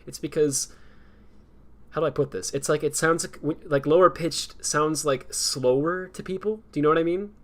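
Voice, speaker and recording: A man's voice: on the high side, normal speed. Rambling young man chatting on stream. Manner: rambling, laughs often, lots of fillers. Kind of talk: casual chat.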